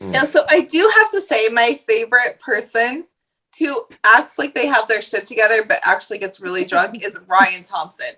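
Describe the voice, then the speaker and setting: Bright, animated woman co-host. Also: on the high side, moderate pace, rough recording. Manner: animated storyteller, swears casually. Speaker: podcast co-host. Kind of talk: casual roundtable chat.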